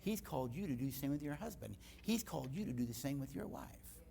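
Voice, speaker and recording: An older man preaching a sermon in a church, telling stories with lively energy. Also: a little high, fast talker, vocal fry. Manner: storytelling, animated. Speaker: guest speaker.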